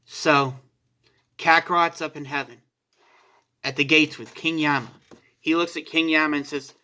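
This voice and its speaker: A man's voice: on the high side, fairly even intonation, normal speed, pauses often, sharp tone. A man narrating a fan story in a casual, informal way, sometimes correcting himself mid-sentence.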